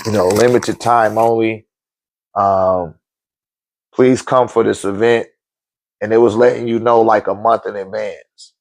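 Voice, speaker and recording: A man in his forties or older telling a story casually, swearing often, laughing, and acting out quotes in sudden high outbursts. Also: measured pace, pauses often, no room sound. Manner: profane, animated, laughs often. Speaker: podcast host telling a story.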